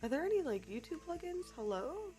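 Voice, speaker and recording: A woman's voice: sits high, sing-song, a little fast, dark tone. Chatty woman streamer with a put-on accent. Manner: holding a put-on character accent, chatty with fillers. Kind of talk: casual chat to stream viewers.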